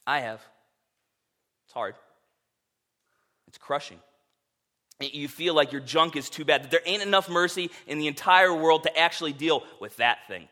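A man's voice: a little high, normal speed, long pauses, pushed and bright. A man preaching a sermon, reading scripture and then talking in a casual, earnest way with filler words. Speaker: pastor.

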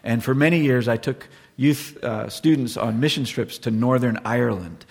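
A middle-aged man preaching a sermon as pastor, earnest and sometimes dropping to a hushed, solemn tone. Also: medium pitch, moderate pace, vocal fry, husky, big-room sound.

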